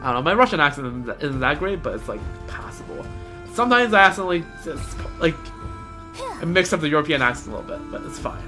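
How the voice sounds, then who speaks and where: Casual, joking woman gamer, lively low voice. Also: fast, over music. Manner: chatty, joking, talks to herself. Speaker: game streamer. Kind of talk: casual gameplay commentary.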